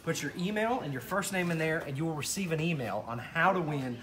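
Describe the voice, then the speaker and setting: A man hosting a live show in casual chat, excitedly promoting a giveaway. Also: fairly high pitch, fast. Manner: excited, animated promo talk. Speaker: show host.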